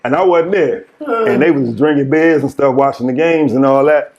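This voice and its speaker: A man's voice: on the high side, moderate pace, a little mellow, highs cut off. A man guest on a podcast, telling old basketball stories in a casual way and laughing through them. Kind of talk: casual storytelling.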